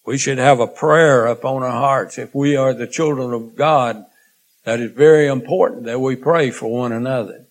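A man preaching a sermon in a slow, earnest way, drawing out phrases and letting line endings trail off quietly. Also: medium pitch, steady tone.

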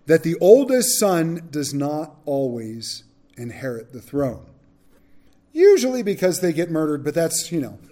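A man's voice: fairly high pitch, a little mellow. A man teaching a Bible study, reading verses and adding casual, frank asides.

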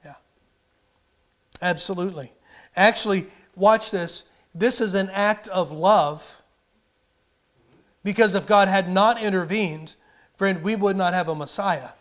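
A man's voice: high-pitched, unhurried, long pauses, fairly bright tone. A man preaching a sermon as pastor, earnest, pressing his points with rising emphasis and many restarts.

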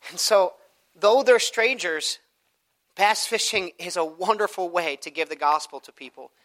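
A man preaching a sermon, telling a personal story in an animated way and acting out the people in it. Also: a little high. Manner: animated storytelling, acts out quoted voices.

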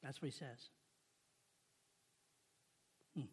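A man's voice: high voice, expressive, moderate pace. A male pastor preaching a sermon, reading scripture aloud and asking the congregation rhetorical questions in a conversational way.

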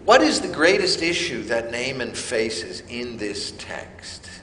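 Slow, emphatic male preacher. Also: medium pitch, sing-song, pushed and bright, roomy sound, long reverb tail, slight background noise. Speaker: pastor. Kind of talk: sermon.

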